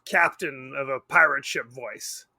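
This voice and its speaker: A man's voice: mid-range voice, a little slow, vocal fry, bright, forceful tone, slightly rough, dry recording. A man co-hosting a podcast, talking about a movie in a rambling, wry way and often correcting himself. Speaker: podcast co-host. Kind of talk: casual movie chat.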